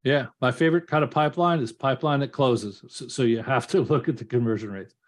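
Brief: male podcast co-host, mid-pitch, explanatory with dry wit. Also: fairly quick. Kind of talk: business podcast discussion.

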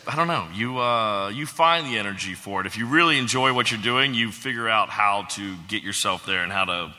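A man's voice: lowish voice, lively intonation, a little fast, pushed and bright. A man guesting on a live panel, answering with dry sarcasm. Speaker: guest actor. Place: theater stage before a live audience. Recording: long theater reverb.

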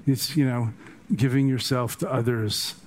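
Older guy giving a dharma talk, funny and meandering, mid pitch. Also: fairly even intonation, unhurried, darkish tone, slight background noise. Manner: humorous, rambling storytelling. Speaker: meditation teacher.

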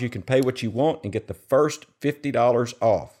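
A man with a voice of middling pitch reads a sponsor spot on a podcast. He breaks off to crack jokes and ad-lib. Between the read he chats casually with his co-hosts. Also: moderate pace, warm tone. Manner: jokey, ad-libs during the read. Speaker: podcast co-host reading an ad.

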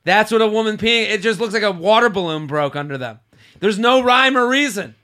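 Young dude hosting a podcast, bright crisp voice, goofy animated storytelling. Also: male voice, a little fast. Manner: animated storytelling, drops low and quiet for asides. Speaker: podcast host. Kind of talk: casual comedic chat.

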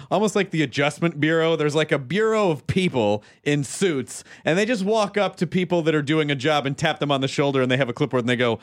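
A man's voice: on the high side, fairly quick. A man hosting a podcast interview, chatting casually with a curious, jokey manner. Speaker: podcast host.

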